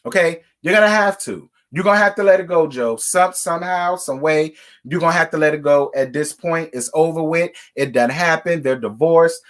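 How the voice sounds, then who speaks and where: A man's voice: on the high side, moderate pace, a bit bright. A man hosting a casual reality TV recap, talking bluntly and profanely in a scolding tone. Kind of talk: casual commentary rant.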